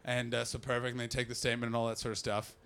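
A man telling a comic story on a podcast, animated and breaking into loud impressions. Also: mid-range voice, racing, vocal fry. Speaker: comedian and podcast host.

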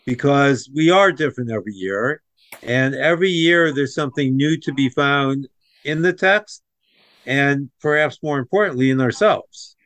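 A man co-hosting a discussion, speaking thoughtfully and in measured phrases. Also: medium pitch, fairly bright tone, no room sound. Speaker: rabbi, co-host. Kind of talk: reflective discussion.

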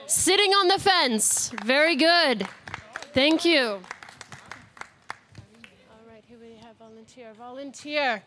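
High-voiced playful woman hosting a game. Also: animated, slow, pauses often, sharp tone, a faint crowd, a little hiss or hum. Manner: playful and upbeat, laughs often. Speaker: game host at an outdoor live radio broadcast. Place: outdoors at a street broadcast.

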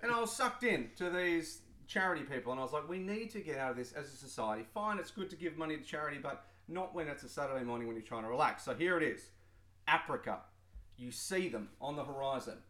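A man co-hosting a comedy podcast, telling stories in an animated way and acting out the people he quotes. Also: a little high, fast talker, few pauses, reverberant. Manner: animated storyteller, acts out quoted voices. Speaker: podcast co-host. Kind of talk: casual comedic chat.

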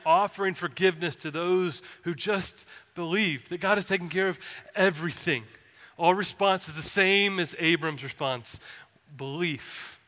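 Earnest man preaching in a bright, echoing hall. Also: fairly high pitch, smooth. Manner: earnest, pleading, drops to soft tones. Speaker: pastor. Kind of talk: sermon. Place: church sanctuary. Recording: reverberant church hall.

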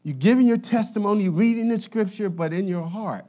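A male pastor preaching a sermon in an animated, conversational way with playful asides. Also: high-pitched, fairly quick.

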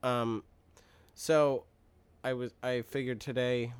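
A man's voice: mid-range voice, little pitch movement, slow pace, smooth. A man co-hosting a podcast, telling a rambling story in casual chat with playful, mock-childish exaggeration. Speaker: podcast co-host.

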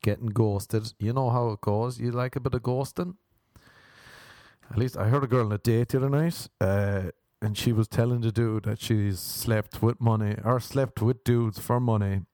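A man's voice: mid-range voice, steady tone, moderate pace, dark tone, dry recording, studio quality. A young Irish man doing a rambling, self-mocking comic monologue, often jumping into mock voices.

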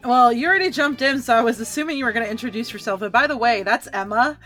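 A woman's voice: on the high side, fast, fairly bright tone, soft background music. A woman co-hosting a casual podcast, chatty and joking with frequent fillers. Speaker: podcast co-host.

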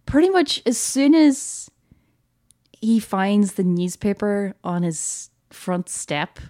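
Talking slowly in a medium-pitched voice with a dark tone and lively intonation, a woman co-hosts a casual podcast about a film. She's enthusiastic and chatty, with frequent laughs and lots of fillers.

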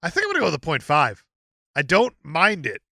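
A man with a fairly high, bright voice co-hosts a movie podcast. He jokes and reads reviews aloud with lively swings in pitch. The sound is dry and close. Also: a little fast, creaky, no room sound. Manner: joking, reads out reviews with laughs. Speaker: podcast co-host. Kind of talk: casual chat.

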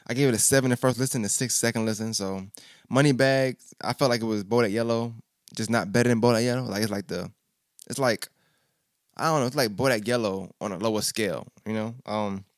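Speaking a little fast in a steady, mid-range voice, a podcaster casually chats about an album. He stutters a lot and repeats himself in loose slang, and the recording is dry and clean, studio-grade.

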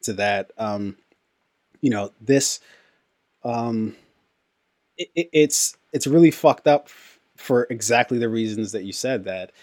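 A man's voice: mid-range voice, slow pace, long pauses, a little mellow. A man co-hosting a casual podcast, reading a news item aloud with many "uh"s and restarts. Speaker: podcast co-host.

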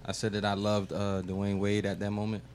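A man answering a question on a podcast, hesitant and halting with fillers. His voice is low for a man. Faint noise hangs behind him. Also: monotone, a little mellow. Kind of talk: casual chat.

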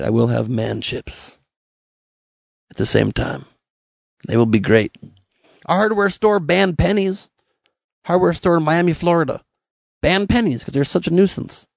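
A man, a comedian, riffing through news stories with wry jokes and sudden excited jumps in pitch. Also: vocal fry, no echo, clean studio sound. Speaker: comedian hosting a news roundup.

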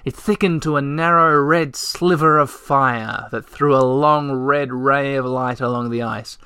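A man reading a storybook aloud with gentle, measured narration. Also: mid-range voice, clear, resonant tone, dry recording.

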